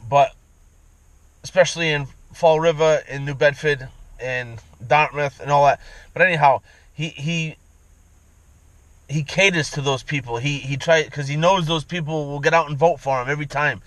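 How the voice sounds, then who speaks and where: A man vents in a rambling, profane rant, circling back and repeating his points. His voice sits a bit high for a man, and the sound is close and dry, with no room echo. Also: fairly even intonation, moderate pace, fairly bright tone. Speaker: vlogger. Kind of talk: angry ranting monologue.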